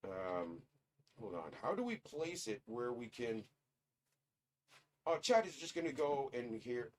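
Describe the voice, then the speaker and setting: A man's voice: mid-range voice, big pitch swings, measured pace, far from the mic. A man hosting a casual livestream, rambling and talking straight to his chat as "guys". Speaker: livestream host. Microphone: streaming setup.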